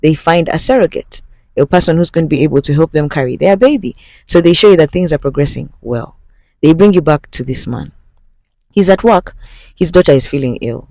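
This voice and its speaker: Animated man retelling a movie plot. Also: on the high side, gravelly, no echo. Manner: animated, speaks straight to viewers. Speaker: movie recap host. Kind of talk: casual story retelling.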